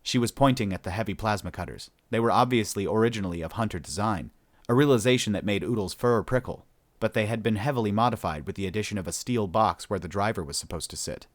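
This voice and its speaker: A man's voice: on the low side, fast, no echo. A man narrating a sci-fi story as an audiobook reader, storytelling steadily and voicing each character.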